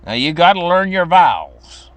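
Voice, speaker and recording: A man's voice: high-pitched, sing-song, moderate pace, no echo, voice pushed up. A man voicing his stern, persistent mother as she insists her child learn his vowels. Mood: stern, insistent. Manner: firm, insistent, scolding.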